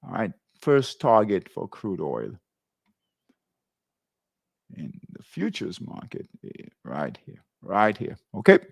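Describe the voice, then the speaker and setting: A male trading host talks slowly, with a gravelly edge. His pitch moves in a lively way as he points out chart setups and checks in with viewers. The recording is dry and close. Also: no room sound. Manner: repeats tags like "right?" and "okay?" while pointing at charts. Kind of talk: live chart walkthrough.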